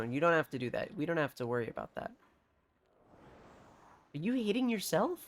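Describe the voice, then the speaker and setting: A streamer giving live gameplay commentary, excitable, swearing freely and reacting aloud. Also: medium pitch, normal speed.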